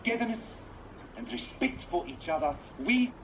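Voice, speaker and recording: An actor playing an earnest male rugby coach in a TV drama, attempting a South African accent and tagging sentences with a drawn-out "ya". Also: high-pitched, very animated. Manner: motivational, sentence-final "ya" tag. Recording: noisy TV clip audio.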